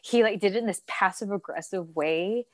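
A woman's voice: medium pitch, moderate pace, dry recording. A young adult woman co-hosting a casual podcast chat, telling stories animatedly and acting out quoted lines. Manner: animated storyteller, acts out quotes. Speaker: co-host.

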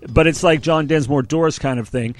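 A man's voice: on the high side, moderate pace. Rambling self-deprecating male co-host. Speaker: co-host of a music show. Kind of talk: casual radio chat.

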